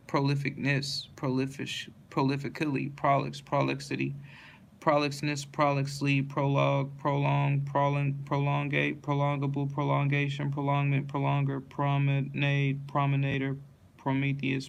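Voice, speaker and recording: A man reading a long dictionary word list aloud, one word after another in a steady monotone, restarting words he stumbles on. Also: medium pitch, gravelly, a little hiss or hum.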